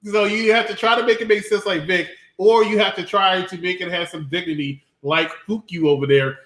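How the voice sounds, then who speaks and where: A man's voice: sits high, fairly even intonation, a little fast, a bit bright. A man hosting a casual movie-review podcast, introducing segments in an emcee-like way. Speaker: podcast host leading segments. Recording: roomy echo.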